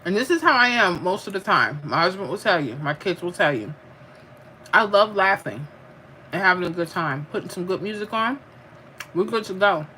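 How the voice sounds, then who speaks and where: A woman's voice: on the low side, big pitch swings, moderate pace, bright, forceful tone, a little hiss or hum. A middle-aged woman, chatting casually while she eats on a home livestream and reads out viewer comments, laughing and calling people "honey". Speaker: livestream host.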